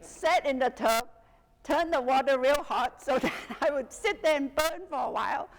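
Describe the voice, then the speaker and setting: A middle-aged woman teaching a class as a hypnotherapy instructor, telling lively stories and laughing often. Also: high voice, moderate pace. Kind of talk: storytelling lecture to a class. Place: teaching room with an audience. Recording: long hall reverb.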